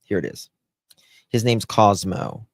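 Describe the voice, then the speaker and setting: A man's voice: on the low side, slow, no echo. A man hosting a live true-crime stream, chatty and exclamatory, thinking aloud as he goes.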